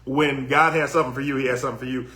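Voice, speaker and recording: A man's voice: mid-range voice, fairly even intonation, rapid-fire, sharp tone. A man in his thirties from Detroit with a country twang, co-hosting a podcast in a laid-back, storytelling way. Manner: laid-back, storytelling, reads comments aloud. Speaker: podcast co-host. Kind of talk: casual chat, reading viewer comments.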